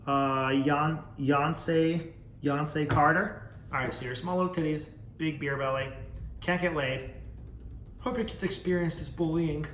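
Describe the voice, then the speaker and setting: A man's voice: a little high, a bit bright, roomy sound, a little hiss or hum. A man hosting a casual podcast, reading viewer comments aloud and mocking them sarcastically, swearing freely. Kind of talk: casual chat.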